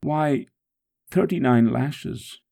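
A man's voice: medium pitch, creaky, mellow, breathy edge, heavily acted. A man reading aloud in the first person as a suffering man praying steadfastly through a scourging, in a solemn, prayerful way. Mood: anguished. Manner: solemn, prayerful, slow and measured.

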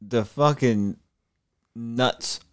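A man's voice: medium pitch, extremely slow, smooth. A man co-hosting a sports podcast, rambling through stories, cursing and laughing easily. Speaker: podcast co-host. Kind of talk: casual sports chat.

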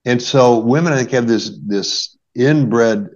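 A man's voice: medium pitch, slow. A middle-aged man, a marriage therapist, explaining conflict in an earnest conversational way, often adding "right?". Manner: earnest, explains with examples, many "right?" tags. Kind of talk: conversational podcast advice. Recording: dull lo-fi podcast audio.

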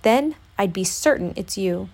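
A woman voicing a small, timid male piglet who squeaks and stammers nervously in a storybook reading. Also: animated, a little slow, a little mellow. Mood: anxious. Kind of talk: storybook read-aloud.

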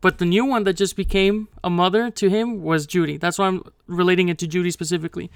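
A man's voice: high-pitched, steady tone, quick pace, gravelly, clean tone, no echo. A young man co-hosting a podcast, talking things through in a hesitant way, restarting often and laughing off tension. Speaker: podcast co-host. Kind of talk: heated casual discussion.

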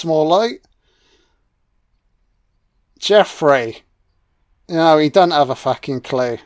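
A man's voice: sits high, animated, takes it slowly, long pauses, a little mellow, dry recording, studio quality. A man with a British accent giving an audio commentary on a film, mocking it with sarcastic, heavily profane riffs.

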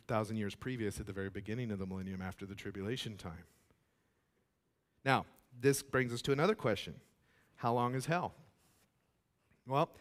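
A man preaching a sermon as pastor, emphatic, acting out quoted voices and swinging between loud declarations and hushed asides. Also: mid-range voice.

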